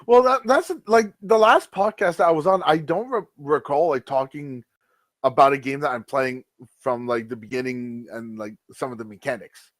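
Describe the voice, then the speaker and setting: A man's voice: medium pitch, normal speed, dry recording. A French Canadian man chatting on a podcast as a guest, rambling with lots of fillers and restarts. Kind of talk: casual podcast chat.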